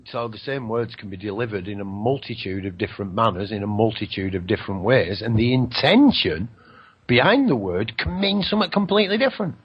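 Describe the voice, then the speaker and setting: A man's voice: on the low side, expressive, a little fast, slightly rough, dull audio. A man hosting a radio show, rambling through a spiritual monologue, swearing now and then and slipping into mocking voices for other people.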